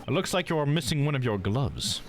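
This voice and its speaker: A man reading the part of a calm male prison investigator who asks measured, quietly accusing questions. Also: mid-range voice, faint music behind, lightly acted. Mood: probing.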